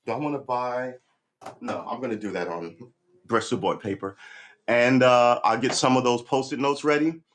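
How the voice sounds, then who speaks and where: A man hosting a casual home livestream, relaxed and chatty, often coaxing his dog in a sing-song voice. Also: medium pitch, moderate pace. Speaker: livestream host. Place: home room.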